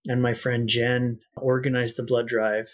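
Husky man telling his story. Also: medium pitch, flat delivery. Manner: earnest, reflective, halting restarts. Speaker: guest. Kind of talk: personal storytelling in an interview.

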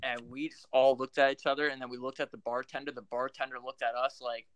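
A man's voice: mid-range voice, fast talker, no echo. A man from Philadelphia, a hockey coach, telling profane stories in casual chat. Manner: profane, animated storyteller.

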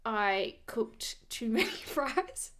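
A woman's voice: on the high side, drawn-out words. A young woman, telling stories in a casual chat and laughing often. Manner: animated storyteller, laughs often.

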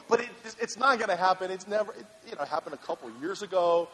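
A male pastor telling a funny personal story in a sermon, animated and laughing, then turning earnest. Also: high-pitched, quick pace, hardly any pauses, husky. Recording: reverberant hall with faint ambience.

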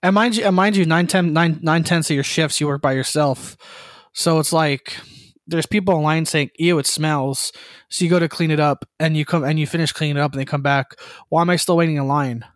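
A man co-hosting a podcast, telling animated stories and often laughing. His voice is a bit higher than average. The recording is dry and close. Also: fairly quick, dry recording. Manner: storytelling, animated, acts out quotes, laughs. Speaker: podcast co-host. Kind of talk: casual chat.

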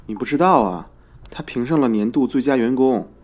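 A man's voice: mid-range voice, lively intonation, a little fast, a little mellow, faint music behind, close to an everyday voice. A man voicing a young male office worker who shares news in a matter-of-fact way, in a scripted lesson dialogue.

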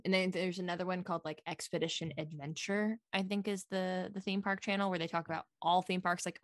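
A young woman, a podcast guest, chatting casually and excitably with lots of fillers. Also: on the low side, vocal fry, dry recording, studio quality.

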